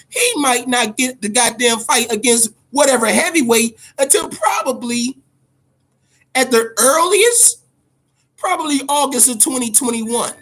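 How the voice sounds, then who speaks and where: Male boxing vlogger, high-pitched, profane, animated ranter. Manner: profane, animated, laughing asides. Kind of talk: casual boxing commentary rant.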